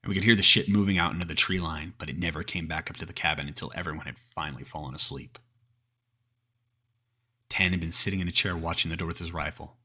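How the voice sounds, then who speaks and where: A man's voice: sits low, fast, pushed and bright, slightly rough. A man narrating a creepypasta horror story in a cursing, casual way, often restarting mid-sentence.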